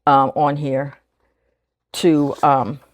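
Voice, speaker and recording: A woman's voice: sits low, level tone, drawn-out words, no echo. A woman in her sixties chatting casually on her budgeting vlog, thinking aloud and counting bills under her breath as she sorts cash. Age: 60s. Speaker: budgeting vlogger. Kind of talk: casual chat while cash stuffing.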